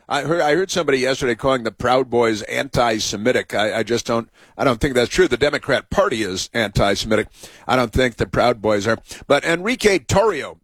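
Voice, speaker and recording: A man from the United States hosting a call-in radio show, talking in a rambling and sarcastic way with many filler pauses. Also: mid-range voice, a bit bright, no room sound. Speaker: radio talk show host.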